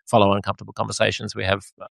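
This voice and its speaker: Gravelly-voiced chatty male podcast host. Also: fairly low pitch, completely flat delivery, rapid-fire, dry recording. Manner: rambling, chatty, laughs while talking. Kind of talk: casual conversation.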